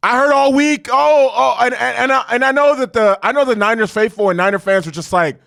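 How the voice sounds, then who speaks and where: A man with a high-pitched voice rants about football games in a loose, profane, animated way. He repeats his points to hammer them home. The sound is dry and close. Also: a little fast, vocal fry, clean tone, no room sound. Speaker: sports commentary host. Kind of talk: casual sports reaction rant.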